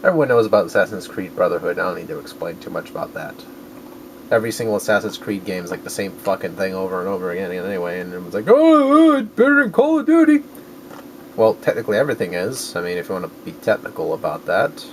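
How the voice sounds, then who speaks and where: Lowish-voiced guy rambling about his game pickups, air con humming behind him. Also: rapid-fire, a little hiss or hum, low-quality recording. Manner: rambling, self-correcting, crude jokes. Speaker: video game collector vlogger. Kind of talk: casual rambling vlog.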